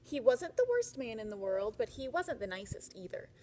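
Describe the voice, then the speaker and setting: Lady reading a kids book out loud, bouncy voice, chatting along the way. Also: fairly high pitch, normal speed, slight background noise. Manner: warm, expressive, chatty asides. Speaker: storyteller reading a picture book aloud. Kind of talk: children's read-aloud.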